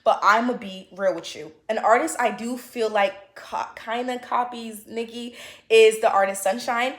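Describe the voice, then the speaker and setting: A woman's voice: a little high, moderate pace, echoey room. A woman vlogger giving her opinions in a casual chat to camera, with lots of fillers and restarts.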